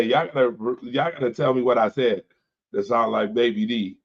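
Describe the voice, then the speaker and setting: A man's voice: mid-range voice, moderate pace. A man hosting a late-night sports talk stream, joking loosely and reading viewer comments aloud. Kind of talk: casual chat with viewers. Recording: dull lo-fi stream audio.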